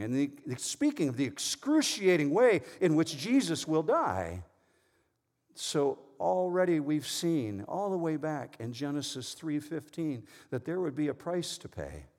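A middle-aged man preaching a sermon in a church, swinging from loud emphasis to hushed, near-whispered lines. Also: on the high side. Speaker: pastor. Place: church sanctuary. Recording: long reverb in a large hall.

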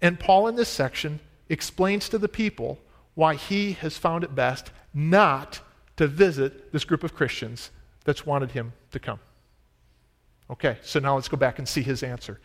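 A man preaching a sermon, teaching conversationally and voicing the apostle's words with rising emphasis. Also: fairly high pitch. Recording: long hall reverb.

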